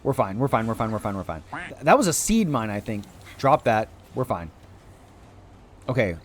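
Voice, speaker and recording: A man streaming a video game live, chatting excitedly to viewers and cheering on his creatures, with sudden high-pitched exclamations. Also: moderate pace, soft background music. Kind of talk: live gameplay commentary.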